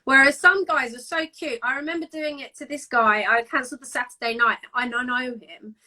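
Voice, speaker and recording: Bright, high-voiced woman. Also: steady tone, brisk. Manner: chatty, self-mocking storyteller. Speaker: guest, fitness competitor. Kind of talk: casual chat. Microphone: phone, live stream.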